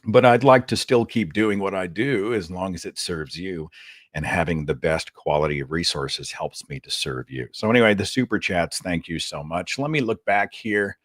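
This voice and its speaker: A man's voice: low-pitched, moderate pace, fairly bright tone, dry recording, clean studio sound. A man hosting a call-in show, talking in a casual, loose, conversational way. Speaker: host.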